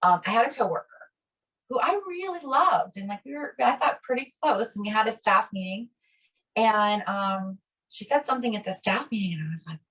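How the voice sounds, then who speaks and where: A middle-aged woman co-hosts a relaxed conversation, telling stories about her own life in an animated way and slipping into the voices of the people she quotes. Her pitch sits in a middle range. She is recorded a little way back from the microphone, so she sounds slightly distant. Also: a little fast. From Italian American. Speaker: podcast co-host. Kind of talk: casual conversation. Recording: voice a bit distant from the mic.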